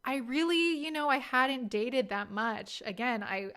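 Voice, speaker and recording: A woman's voice: high-pitched, lively intonation, measured pace, fairly bright tone. Candid woman laughing at her own stories. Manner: candid, self-deprecating, laughs often. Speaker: podcast host. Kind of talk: casual storytelling monologue.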